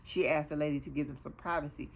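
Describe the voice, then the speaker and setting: Chatty woman recapping a show, low voice. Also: fast talker, slight background noise. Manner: chatty, animated retelling with many fillers. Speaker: TV show reviewer, host. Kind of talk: casual episode recap.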